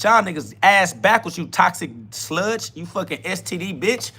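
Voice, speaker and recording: A man's voice: sits high, moderate pace, bright, forceful tone, breathy edge. A man hosting a profane self-talk podcast, ranting bluntly in a combative, taunting way. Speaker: podcast host.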